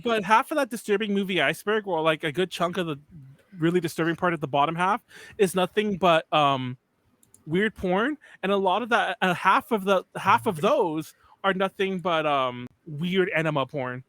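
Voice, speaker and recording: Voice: mid-range voice, normal speed, a bit bright, no room sound. A panelist on a casual group call, joking and teasing the others and laughing often. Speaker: podcast panelist.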